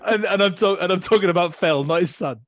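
A man's voice: sits high, fairly quick, no room sound, studio quality. A man hosting a casual podcast banter session over a video call, rambling and laughing often. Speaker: podcast host.

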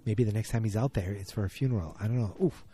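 Dark-voiced man rambling through a TV recap. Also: lowish voice, fast talker, breathy edge. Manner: rambling, thinks aloud, often restarts mid-sentence. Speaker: TV episode recapper. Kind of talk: casual episode recap.

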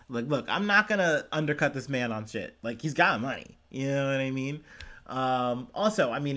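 A man's voice: mid-range voice, fairly bright tone. Young male podcast host, casual solo news chat, lots of "like" and "um", self-mocking. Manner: rambling, filler-heavy, self-deprecating.

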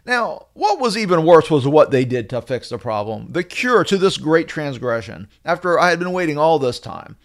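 A middle-aged man hosting a podcast, telling a story in a wry, animated way. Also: on the high side, moderate pace, hardly any pauses. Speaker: podcast host. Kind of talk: storytelling monologue.

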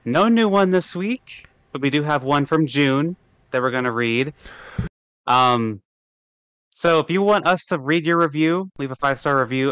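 A man's voice: medium pitch, fairly bright tone, clear, resonant tone, no room sound. A man co-hosting a podcast in easygoing, agreeable casual chat, also reading listener reviews aloud. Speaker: podcast co-host.

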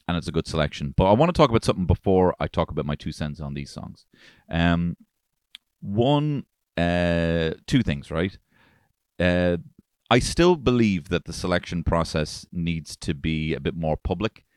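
Deep-voiced Irish man ranting irreverently. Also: clear, resonant tone, no echo, clean studio sound. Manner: irreverent, profane, rambling jokey asides. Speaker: podcast host. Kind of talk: casual podcast chat.

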